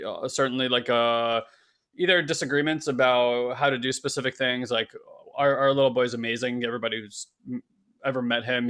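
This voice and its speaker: Male co-host from California, middle-aged, bright and smooth, easygoing reflective chat. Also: mid-range voice. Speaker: podcast co-host. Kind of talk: casual chat.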